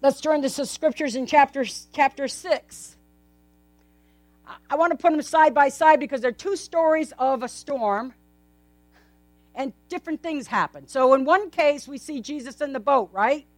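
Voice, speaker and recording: A woman's voice: high voice, normal speed, dry recording, soft background music. A woman preaching a sermon in a casual, conversational way, often asking her congregation rhetorical questions. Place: in front of a gathered congregation.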